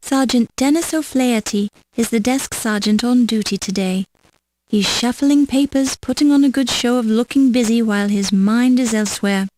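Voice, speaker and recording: A woman's voice: a little high, moderate pace, a little mellow, close to an everyday voice, poor audio. A woman narrating an adventure game with dry, wry scripted remarks.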